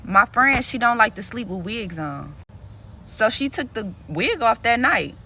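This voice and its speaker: A woman's voice: fairly high pitch, very animated, measured pace, pushed and bright, a little hiss or hum. A woman telling a story to her viewers in a vlog, blunt and profane, with lots of animation in her delivery. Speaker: content creator.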